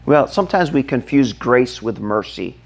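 A man preaching a sermon, telling a Bible story dramatically, dropping to a hush and then acting out shouts. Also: medium pitch, lively intonation, moderate pace. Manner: dramatic, acts out the scene, shifts from hushed to shouting. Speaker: pastor.

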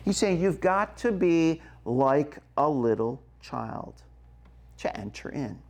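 A man preaching a sermon, slow and emphatic, checking in with the congregation as he goes. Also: on the high side, animated, a little mellow. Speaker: pastor.

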